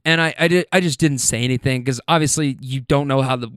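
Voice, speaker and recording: A man's voice: medium pitch, fast talker, fairly bright tone, clear, resonant tone, dry recording, studio quality. A man who hosts a podcast and drives rideshare, telling a rambling story with swearing and lots of restarts. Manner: rambling, profane, many restarts. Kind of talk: casual storytelling.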